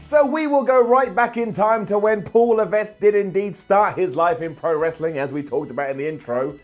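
A man hosting a wrestling video, talking in a jokey, sarcastic and animated way. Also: sits high, normal speed, soft background music. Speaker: wrestling show host. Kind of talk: casual video commentary.

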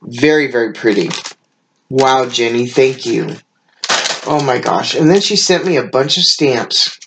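A woman's voice: a bass voice, measured pace, noisy background. A woman unboxing a craft mail package and chatting casually, gushing with frequent exclamations and laughs, sounding tired. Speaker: craft channel host.

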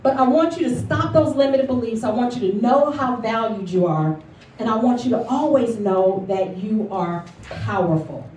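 A woman's voice: a little high, normal speed. Woman rallying a crowd in an echoey hall. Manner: lively, storytelling, rallying the audience. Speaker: motivational speaker. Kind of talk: motivational speech with call-and-response. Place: event hall at a luncheon. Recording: echoey hall recorded from far off.

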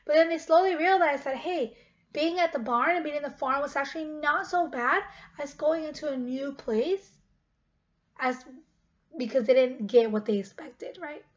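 Woman, children's read-aloud, gently questioning, high voice, muffled recording. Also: moderate pace. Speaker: teacher reading aloud.

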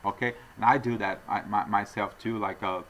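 A man with a non-native English accent rambles to his viewers in an earnest, digressive, off-the-cuff vlog monologue sprinkled with apologetic asides. His voice is fairly low yet fairly bright in tone, with fairly even intonation and a moderate pace. The audio is poor, with a little hiss or hum.

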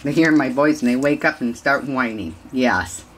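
A woman's voice: rumbling low, lively intonation, moderate pace, a little hiss or hum. A woman dog breeder chatting casually in a home video, rambling and cooing at puppies.

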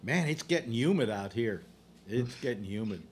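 Chatty male host with a lively, wisecracking delivery and faint background noise. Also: medium pitch, moderate pace. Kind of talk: casual panel chat.

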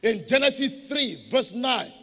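A man preaching with a very high, bright, forceful voice. He drives his points home and calls on the congregation to repeat after him. The sound carries a long reverb from the church hall. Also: a little slow. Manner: emphatic preaching with call-and-response to the congregation. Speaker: pastor. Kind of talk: sermon.

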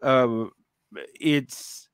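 A man's voice: medium pitch, fairly even intonation, drawn-out words, clear, resonant tone, no room sound, studio quality. A man in his forties hosting a podcast, chatting casually, rambling and restarting often with many fillers. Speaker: podcast host. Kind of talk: casual conversation.

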